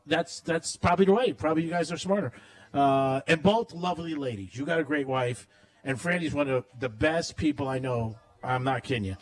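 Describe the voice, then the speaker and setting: A man's voice: fairly high pitch, a little fast. A man hosting a radio show, telling brash, joking stories and laughing a lot between live ad reads. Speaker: radio host.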